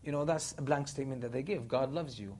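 Male preacher, storytelling sermon, mid-pitched voice, lively quoted voices, faint rumble behind. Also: quick pace. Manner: animated retelling, quoting others in a dramatic voice. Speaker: Islamic preacher.

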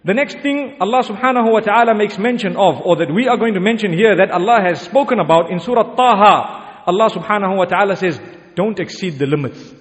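A man preaching a sermon in an earnest, exhorting way, rising for emphasis. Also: high-pitched. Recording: long hall reverb.

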